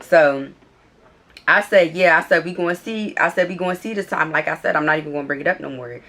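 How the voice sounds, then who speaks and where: A woman's voice: deep voice, fast talker, fairly bright tone. Woman doing a storytime vlog, cussing a lot, fed up, reading texts off her screen. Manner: blunt, profane, exasperated retelling; reads texts aloud while scrolling. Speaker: vlogger telling a story.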